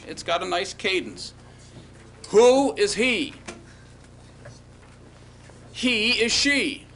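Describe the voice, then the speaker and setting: A man's voice: high-pitched, a bit bright, slight background noise. A man teaching a Hebrew grammar class, checking in with his students and leading them in repeating words after him. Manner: drilling students with call-and-response repetition; checks in often with okay and all right. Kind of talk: classroom lecture.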